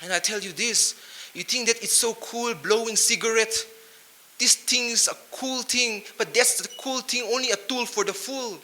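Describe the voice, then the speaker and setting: Motivational speaker, male, high and piercingly bright voice, rhyming punchlines. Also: normal speed. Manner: rhyming wordplay, punchy and emphatic. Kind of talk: motivational speech to youth. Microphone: handheld mic.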